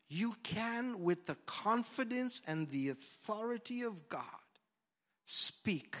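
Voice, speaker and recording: This lively sermon comes from a man preaching as pastor in a church hall, his voice on the high side. Into his handheld mic he shifts from loud shouting to gentle whispering.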